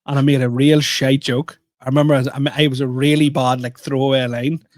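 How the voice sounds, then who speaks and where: A man's voice: medium pitch, flat delivery, fairly quick, darkish tone, no room sound. Young male co-host; rambling, self-mocking storyteller in loose chat, dry booth sound. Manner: rambling, self-deprecating storytelling with many restarts. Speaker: podcast co-host and comedian. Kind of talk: casual chat.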